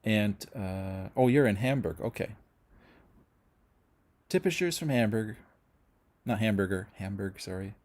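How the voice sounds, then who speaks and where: In a lowish, darkish voice, this middle-aged Canadian man sounds animated but keeps a measured pace with frequent pauses. He hosts a relaxed music-channel livestream, chatting with viewers and meandering through their comments amid many fillers and restarts.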